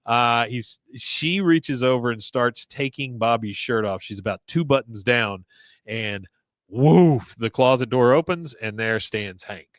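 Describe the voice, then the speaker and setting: A man casually recapping a cartoon episode, telling it as an animated story with lots of fillers. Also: mid-range voice, a little slow, dry recording. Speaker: podcast host.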